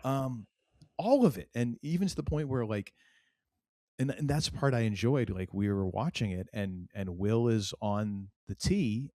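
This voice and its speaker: A man's voice: fairly low pitch, moderate pace, darkish tone, dry recording, clean studio sound. A middle-aged man from New England, co-hosting a podcast in casual, rambling chat full of fillers and restarts. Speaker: podcast co-host.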